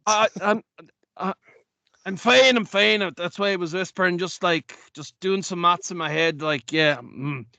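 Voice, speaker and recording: A man playing a dwarf in a tabletop role-playing game, talking in an excitable, stammering way and laughing often. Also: sits high, normal speed, dry recording. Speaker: player. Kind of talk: tabletop role-play chat.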